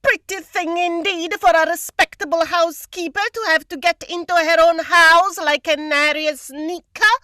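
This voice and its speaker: A woman's voice: very high voice, steady tone, moderate pace, hardly any pauses, sharp tone, dry recording, studio quality. A woman reading the part of a pompous, indignant middle-aged housekeeper who scolds in a huffy, self-important way. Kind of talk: script read-through.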